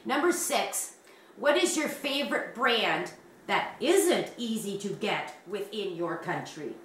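In a roomy space with a distant mic and a little hiss or hum, a Canadian crochet channel host chats casually, rambles, and laughs a lot. Her mid-range voice is expressive and she takes her time.

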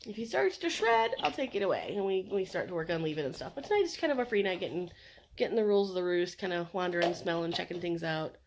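A woman's voice: fairly low pitch, sing-song, fast talker, slight background noise. A woman training a dog at home at night, mixing coaxing praise with firm short commands. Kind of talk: casual talk to a dog at home.

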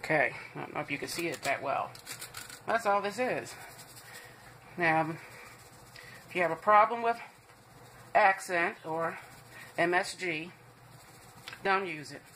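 A woman's voice: lowish voice, unhurried, pauses often, a bit bright, slight background noise. Chatty woman hosting a home cooking demo. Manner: chatty, reassuring, talks to viewers as "guys". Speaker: cooking show host.

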